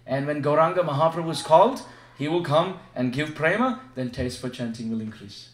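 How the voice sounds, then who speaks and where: Male spiritual teacher, high voice, call-and-response sermon style, echoey home recording. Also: animated, fairly quick. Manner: asks the audience questions and leads them in repeating chants. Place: devotee's home, gathering room. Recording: echoey room sound.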